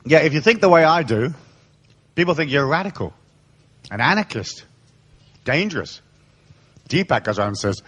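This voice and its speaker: A man's voice: fairly high pitch, expressive, moderate pace, pauses often, a bit bright. A man giving a live seminar talk to an audience, irreverent and playful, swearing freely as he tells stories. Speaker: seminar speaker.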